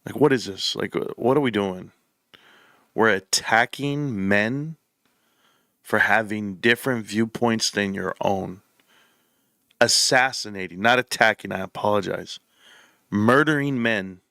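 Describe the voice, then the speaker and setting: A man's voice: on the low side, measured pace, creaky, long pauses, sharp tone, no room sound, clean studio sound. A man hosting his own political commentary show, speaking with impassioned, emphatic feeling and repeating phrases as he builds up. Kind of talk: opinionated commentary. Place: room set up for the show.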